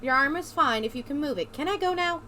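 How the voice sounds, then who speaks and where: Woman voicing a high, flustered young woman. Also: lively intonation, pushed and bright, slight background noise. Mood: defiant. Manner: nervous, hurried.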